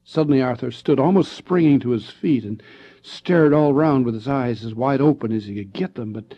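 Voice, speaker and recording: A man reads a spooky storybook tale slowly and deliberately. His voice is husky, with a mid-range pitch. The audio is dull and lo-fi. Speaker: narrator. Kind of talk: scripted storybook narration.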